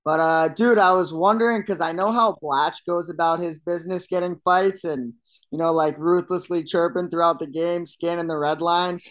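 A man's voice: a little high, fairly even intonation, normal speed, fairly bright tone. A man co-hosting a casual podcast, asking rambling, curious questions full of "like". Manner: loose, curious questioning with many fillers.

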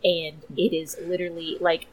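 A woman guest joins a casual chat, eager and sentimental as she talks. Her voice sits somewhat low for a woman, with a faint hiss behind it. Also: flat delivery, normal speed, low-quality recording. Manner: enthusiastic and tender-hearted. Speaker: podcast guest.

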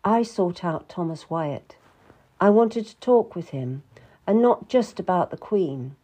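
A woman reading a first-person historical novel aloud in a measured, reflective way. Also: on the low side, animated, dark tone, slightly rough. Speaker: audiobook narrator.

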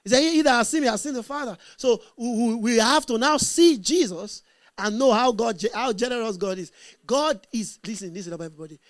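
A man preaches with a high-pitched voice, repeating lines for emphasis. He moves from loud, fervent calls down to soft, quiet asides. The sound is dry and close, with no room echo. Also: moderate pace. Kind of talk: sermon.

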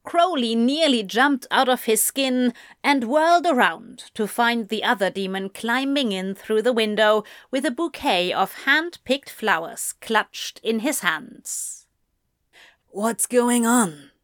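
Slow, measured woman storyteller. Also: fairly high pitch, animated, fairly bright tone, no room sound, clean studio sound. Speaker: narrator. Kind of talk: audiobook fan fiction reading.

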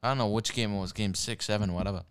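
A man's voice: on the low side, fairly even intonation, fast, smooth. A man delivering a rambling, profane sports rant, restarting sentences and sipping whiskey as he talks. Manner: rambling, heavy swearing, frequent restarts; sipping whiskey while talking.

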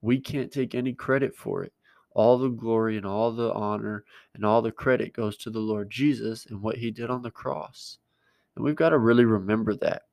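A man's voice: fairly low pitch, steady tone, normal speed, vocal fry, darkish tone, no room sound. A male pastor giving a conversational sermon, plain-spoken and emphatic, repeating his key words.

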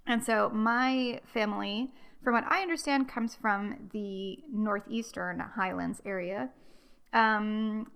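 A woman's voice: mid-range voice, a bit bright, clean tone. A young adult woman from the United States hosting a casual solo history podcast, chatty and rambling, with many ums and restarts. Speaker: podcast host.

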